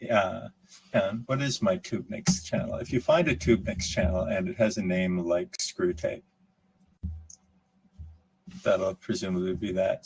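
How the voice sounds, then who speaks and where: Low husky man rambling on a call. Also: darkish tone, low-quality recording. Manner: rambling, restarts and repeats words. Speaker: conference speaker answering questions. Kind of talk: casual Q&A chat. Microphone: video call.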